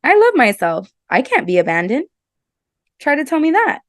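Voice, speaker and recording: A woman's voice: high voice, huge pitch swings, moderate pace, no room sound, studio quality. A woman hosting a casual self-help podcast, earnest and emphatic, often repeating her words. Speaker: podcast host.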